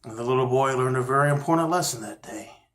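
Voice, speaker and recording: A man telling a story in a gentle, unhurried, folksy way, as host of a storytelling series. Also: mid-range voice. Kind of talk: storytelling narration.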